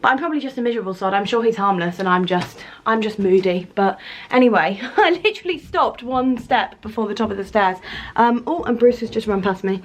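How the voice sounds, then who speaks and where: A British lifestyle vlogger chats to camera indoors at home, rambling and waffling casually. Her mid-range voice moves fairly quickly, with a little hiss or hum on the recording.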